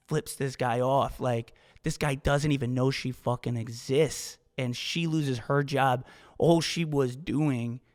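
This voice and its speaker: A profane, emphatic man in a reverberant room. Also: mid-range voice. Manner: emphatic, profane, repeats himself. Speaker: podcast host. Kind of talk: motivational podcast monologue.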